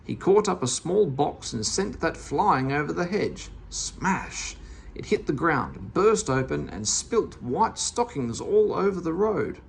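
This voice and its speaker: Storybook narrator: expressive, gravelly reader with a very lively pitch. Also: takes it slowly, a little hiss or hum. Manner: expressive, animated. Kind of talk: storybook read-aloud.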